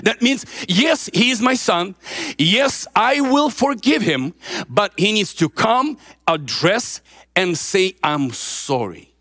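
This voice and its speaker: A man's voice: high-pitched, expressive, takes it slowly, fairly bright tone. A man preaching an informal sermon, emphatic and given to repeating words for stress.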